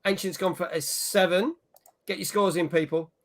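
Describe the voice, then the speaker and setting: A man's voice: sits high, steady tone, moderate pace, fairly bright tone. A man hosting a casual gaming chat show, reading out viewer messages and scores. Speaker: podcast host.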